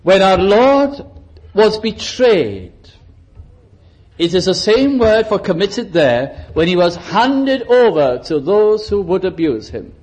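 High-voiced preacher with dramatic delivery. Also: male voice, sing-song, slow pace, darkish tone, rough recording. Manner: dramatic, varies pitch and pace for emphasis, acts out quotes. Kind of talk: sermon.

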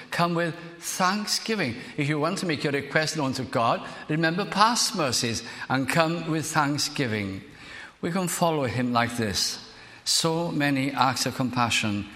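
An older man from South Wales, preaching a sermon as a minister in an earnest, measured way, slowing down to dwell on phrases. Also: medium pitch, sharp tone. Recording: reverberant hall.

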